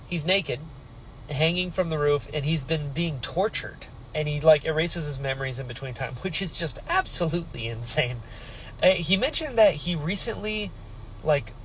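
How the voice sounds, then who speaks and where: A man in a casual book reaction vlog, with a fairly high voice that swoops up and down. He reacts to each turn with big emotional outbursts and swears freely as he talks. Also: slight background noise, poor audio. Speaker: book reviewer.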